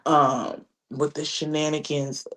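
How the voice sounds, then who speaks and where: A woman's voice: deep voice, level tone, slow pace. An older woman hosting a casual live stream, profane and chatty, greeting viewers by name and keeping her voice down at times. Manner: hushed at times to keep a grandchild asleep. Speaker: livestream host.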